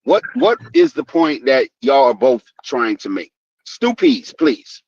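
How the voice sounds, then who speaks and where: A man's voice: medium pitch, huge pitch swings, measured pace, a little mellow, slightly rough, dull audio. A man hosting a live discussion, stammering and calling the panel to order. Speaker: host, moderator.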